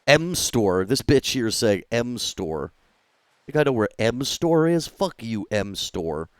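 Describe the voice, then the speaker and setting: A young man streaming a game, chatting casually in an animated, jokey way, swearing freely and breaking into sudden loud outbursts. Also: medium pitch, unhurried, clear, resonant tone, no echo.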